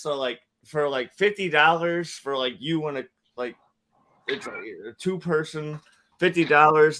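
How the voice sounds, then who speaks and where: A man's voice: a little high, sharp tone. A man hosting a casual podcast, telling stories in a loose, profane way, full of fillers. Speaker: podcast host.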